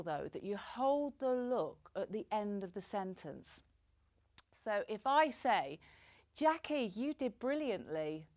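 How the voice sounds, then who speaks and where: A woman gives a clear instructional talk to camera on presentation skills. She acts out short examples as she goes. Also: medium pitch.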